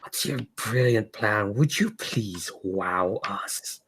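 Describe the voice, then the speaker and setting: Cast: sneering whispery alien hive, put on by a man, mocking and slow. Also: lowish voice, lively intonation, fairly bright tone, a little hiss or hum, full character voice. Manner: mocking, condescending.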